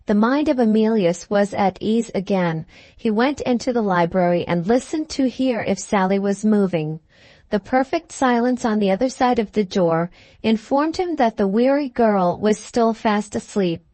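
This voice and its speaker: A woman's voice: medium pitch, animated, measured pace, darkish tone, no echo. Woman narrating a classic novel. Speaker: audiobook narrator. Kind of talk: scripted narration of a Victorian novel.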